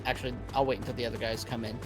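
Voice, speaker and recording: A man playing a tabletop role-playing game, making quick offhand remarks about his moves. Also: medium pitch, little pitch movement, music in the background. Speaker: player.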